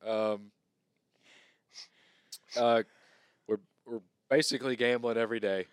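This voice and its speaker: A man's voice: medium pitch, fairly even intonation, measured pace, clean tone, dry recording, studio quality. A man co-hosting a podcast, easygoing as he wraps up the episode and asks listeners to follow. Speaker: podcast co-host. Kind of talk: casual podcast sign-off.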